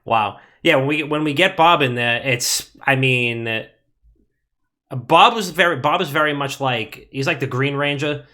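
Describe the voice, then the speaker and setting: Bright-voiced man telling a rowdy story. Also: medium pitch, a little slow. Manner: rambling, profane storytelling. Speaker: podcast host. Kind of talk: casual podcast chat.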